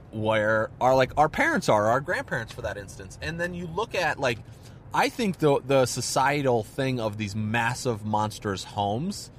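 A man's voice: mid-range voice, a little hiss or hum. A man in his thirties hosting a casual solo podcast, rambling with lots of "like" and restarts. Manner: rambling, filler-heavy, many restarts. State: hiccups. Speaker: podcast host.

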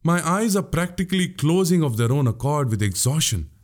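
A man's voice: fairly high pitch, expressive, fairly quick, close to an everyday voice. A man voicing a witty, boastful young male warrior in an audiobook, speaking grandly. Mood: weary. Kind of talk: audiobook character voice.

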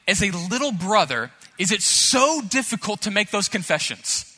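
Male pastor preaching, bright forceful voice, emphatic and earnest, long church reverb. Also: high voice, expressive, normal speed. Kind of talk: sermon. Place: church sanctuary.

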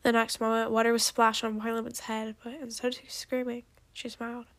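A woman narrates a story in an unhurried amateur reading, now and then stumbling and restarting a phrase. Her voice sits slightly above the usual pitch for a woman. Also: completely flat delivery, a bit bright. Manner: unhurried, with small slips and restarts.

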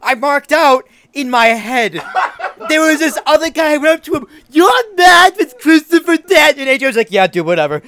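A young man with a strikingly high voice, chatting on a casual podcast. He is brash and crude, cracking loud jokes and cutting in with his opinions. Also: lively intonation, brisk, noisy background. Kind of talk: casual chat.

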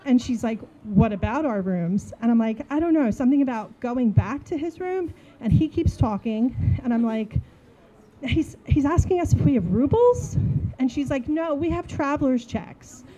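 A woman in her forties from New Jersey, telling a funny story in a casual, animated way and acting out the dialogue. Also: high voice, moderate pace, poor audio. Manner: animated, acts out dialogue, laughs while telling.

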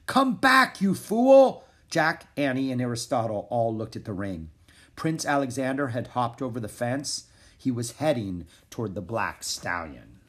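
A man reading a children's chapter book aloud in an expressive storytelling manner. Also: medium pitch, normal speed, slightly rough. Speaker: narrator.

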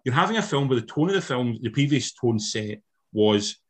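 Husky man picking apart a film. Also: mid-range voice, animated, normal speed. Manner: analytical, long-winded critique with sweary asides. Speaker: film podcast co-host. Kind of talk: casual film review chat.

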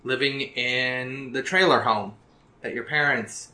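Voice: medium pitch, takes it slowly, pushed and bright. A storyteller narrating a tabletop role-playing game in a descriptive, matter-of-fact way, recorded with a roomy echo.

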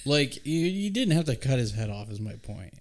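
A man's voice: medium pitch, sing-song, moderate pace. A man hosting a casual podcast chat, retelling a movie scene with profane asides and acted-out quotes. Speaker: podcast host.

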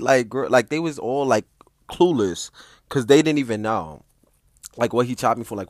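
A man in his twenties telling an animated, profane story about competing at a ballroom event, full of ballroom slang. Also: mid-range voice, normal speed, dry recording, studio quality.

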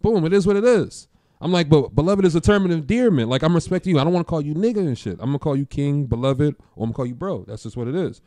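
A man tells a story at a quick clip, his pitch jumping up and down as he acts out every line of dialogue. His voice sits a bit high for a man and sounds close and dry. He talks in relaxed street slang with an easy, unbothered swagger. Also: dry recording. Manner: animated storyteller acting out quoted dialogue; slangy, laid-back street talk. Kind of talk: casual chat.

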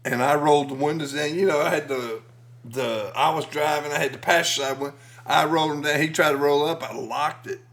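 A man's voice: a little high, fairly even intonation, a little fast, a bit bright. A middle-aged man telling a family story as a podcast co-host in casual chat, folksy and crude, teasing the others.

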